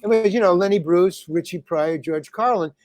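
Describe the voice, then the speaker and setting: A man's voice: high voice, normal speed, darkish tone, no room sound. An older man, a comedian and actor, telling rambling stories with many restarts and acting out the lines he quotes. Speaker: comedian and actor, interview guest. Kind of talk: rambling storytelling in conversation.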